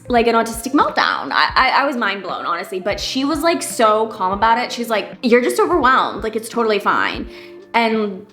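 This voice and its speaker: A woman's voice: a little high, fairly bright tone. A woman in her thirties telling a personal story in a casual vlog, chatty and candid, with lots of fillers and side remarks. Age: 30s. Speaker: vlogger.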